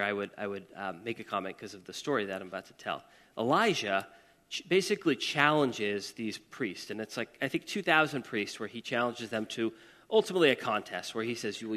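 A man's voice: mid-range voice, a bit bright. Chatty male pastor in a reverberant hall. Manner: casual and chatty, with asides and audience questions. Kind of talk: conversational sermon. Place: church service hall.

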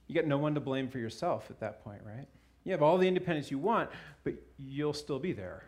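A male pastor from Alaska delivering a sermon, telling a lively personal anecdote and chuckling as he goes. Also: mid-range voice, moderate pace. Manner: animated storyteller, chuckling through his own anecdote. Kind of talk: sermon with a humorous personal story.

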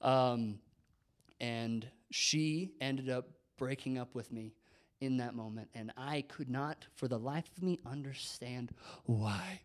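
A young man, a youth pastor, telling a personal faith story, animated, whispering when he quotes people and laughing at himself. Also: medium pitch, slow.

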